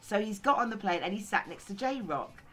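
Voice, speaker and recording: A woman's voice: mid-range voice, lively intonation, a little fast, a bit bright. A woman hosting a casual group chat, prompting her guests to share stories. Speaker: host.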